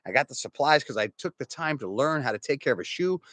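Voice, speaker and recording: Animated storytelling preacher, man around fifty. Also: mid-range voice, quick pace, dry recording. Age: about 50. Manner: animated, conversational, chuckles through stories. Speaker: pastor. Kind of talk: storytelling sermon.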